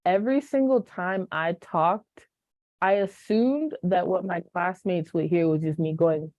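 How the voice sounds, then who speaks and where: A young woman hosting a podcast, speaking casually with a naturally monotone voice. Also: lowish voice, a little slow, dry recording. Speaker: podcast host. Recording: dull, dry sound.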